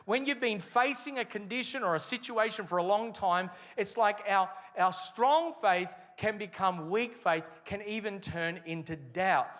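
A man preaching a sermon as a pastor, with emphatic delivery that slows and stresses key phrases. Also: high-pitched, fairly bright tone, big-room sound.

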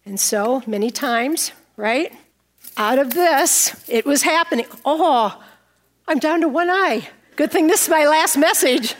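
A middle-aged woman pastor preaches a playful, storytelling sermon. Her voice sits a little high, and she jokes and laughs at her own props as she goes. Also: unhurried. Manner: playful, animated, laughs at herself.

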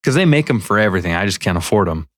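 A man co-hosting a casual podcast, telling lively stories and laughing often as he talks about trucking life. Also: on the low side, very fast, dry recording, clean studio sound. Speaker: podcast co-host, truck driver. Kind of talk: casual chat.

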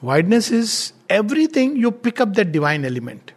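A man's voice: sits high, big pitch swings, brisk, husky. A man giving a spiritual talk. He is earnest, tells anecdotes and lists virtues one by one. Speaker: spiritual teacher.

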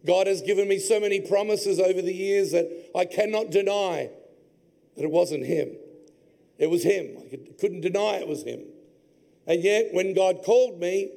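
A man, preaching a sermon in a large church hall and telling his own family story with deep feeling. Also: creaky, dark tone. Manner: heartfelt personal storytelling. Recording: long hall reverb.

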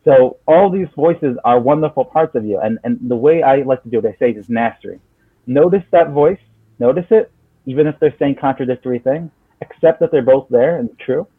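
Husky man over a tinny line. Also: medium pitch, a little fast, dry recording. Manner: earnest, many restarts, acts out client dialogues. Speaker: therapist guest. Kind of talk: conversational explanation.

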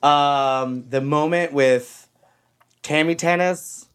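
A young man chats on a podcast in a fairly high voice that sounds strained and worn out. He tells stories with theatrical, campy energy and slips into the voices of the characters he describes. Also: slow, smooth. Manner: animated, campy storytelling, acts out scenes. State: losing his voice. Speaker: podcast co-host. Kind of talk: casual chat.

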